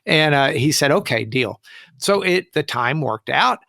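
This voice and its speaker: Guest attorney: a man with a bright, forceful voice, dry close sound, animated storyteller. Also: on the high side, unhurried, creaky, no room sound. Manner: animated, folksy, acts out quoted voices. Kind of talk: anecdotal storytelling.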